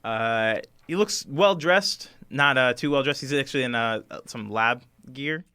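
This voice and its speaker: Bright-voiced male game master. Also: medium pitch, measured pace, clean tone, no room sound, clean studio sound. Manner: chatty, full of fillers. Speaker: game master and podcast host. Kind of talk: narrating a tabletop game.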